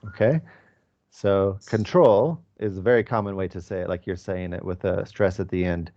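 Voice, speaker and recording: A man's voice: low voice, moderate pace, dark tone, highs cut off. A male English teacher explaining pronunciation to his class in a conversational way, with fillers.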